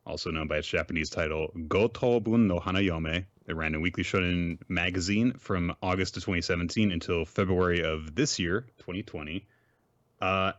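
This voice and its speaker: A man hosting a podcast, summarizing a manga series in a rambling, measured way with lots of fillers. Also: deep voice, fairly bright tone, no echo. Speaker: podcast host. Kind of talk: casual chat and series summary. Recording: dry, dull lo-fi mic.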